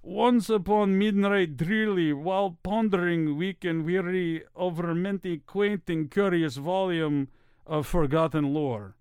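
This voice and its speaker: A man's voice: high voice, measured pace, a little mellow, clean tone, no room sound. Man reading as a brooding gothic narrator. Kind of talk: dramatic poetry reading.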